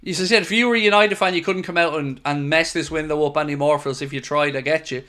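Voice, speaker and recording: Speaking fast in a sharp, high-leaning voice, this man hosts a live fan stream and responds to viewer messages with emphatic frustration. Now and then he swears.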